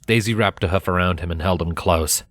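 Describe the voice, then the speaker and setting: Man, deep voice, steady first-person narration, fan story reading. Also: brisk. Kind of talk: audiobook fanfiction reading.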